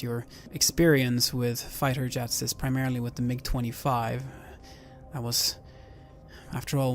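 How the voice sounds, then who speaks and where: A man's voice: mid-range voice, creaky, darkish tone. A man with a mid-range voice narrates a tabletop horror game as game master. He describes scenes steadily, with frequent fillers. Faint music plays beneath him.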